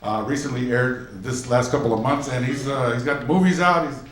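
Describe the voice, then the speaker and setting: A male emcee introducing a comic on a club stage, joking and building to a loud introduction. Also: medium pitch, brisk. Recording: echoey club room.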